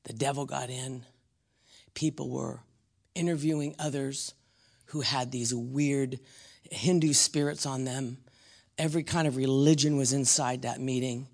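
Gravelly preacher man. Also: mid-range voice, fairly even intonation. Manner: slows down and drops to a whisper on key words; blunt and emphatic. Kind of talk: teaching sermon.

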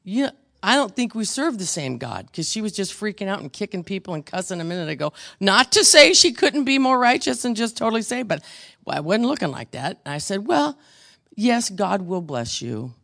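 Gravelly-voiced woman teaching Bible study. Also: mid-range voice, sing-song, brisk, a bit bright. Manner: chatty storytelling with frequent restarts.

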